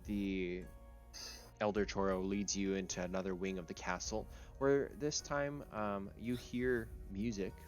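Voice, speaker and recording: A man with a very low voice narrates a tabletop role-playing game as game master. He talks in a loose, relaxed way and fills his pauses with ums. Soft music plays faintly behind him. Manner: relaxed, with many fillers.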